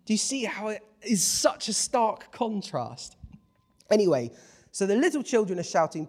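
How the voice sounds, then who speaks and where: A British man preaching a lively sermon, playful and animated, swinging from hushed asides to exclaiming. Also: high-pitched, moderate pace.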